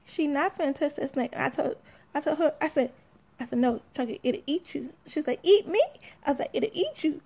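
Young woman, AAVE, high gravelly voice, sassy storyteller acting out quotes. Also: fairly quick. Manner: animated, sassy, acts out quotes. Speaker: mother telling a story. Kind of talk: casual storytelling.

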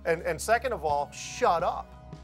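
A man's voice: high-pitched, expressive, unhurried, faint music behind. A man, a former floor trader, recalling the pits plainly and emphatically in a documentary interview.

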